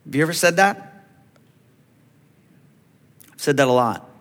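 A man's voice: on the high side, animated, unhurried, a bit bright. A man preaching a sermon, acting out biblical dialogue and calling to the congregation for amens. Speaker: pastor. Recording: long hall reverb.

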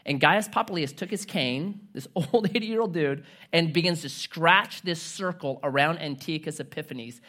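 Animated storytelling male preacher. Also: on the high side, moderate pace. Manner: animated storytelling, conversational, humorous asides. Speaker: pastor. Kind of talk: sermon.

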